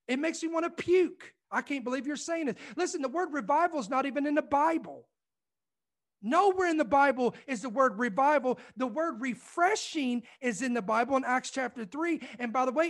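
A male preacher delivers an impassioned sermon in a strikingly high voice. He presses his points over and over, cutting in with "listen" and stumbling into restarts as his fervor builds. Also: animated, moderate pace, fairly bright tone. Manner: fervent, emphatic, repeats "listen" and "I'm telling you"; restarts and stumbles when heated. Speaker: preacher and ministry host.

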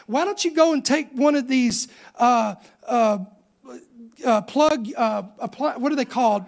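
Casting: middle-aged male pastor, very high-pitched voice, animated storytelling sermon delivery. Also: normal speed, creaky. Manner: animated storytelling preacher, voice rising on emphasis.

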